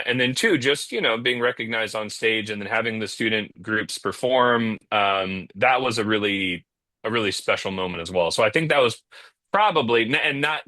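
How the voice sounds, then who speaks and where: Bright-voiced man talking over a video call. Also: on the low side, no room sound. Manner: rambling, many fillers and restarts. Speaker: guest. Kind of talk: casual video-call interview. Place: home in the North Jersey area.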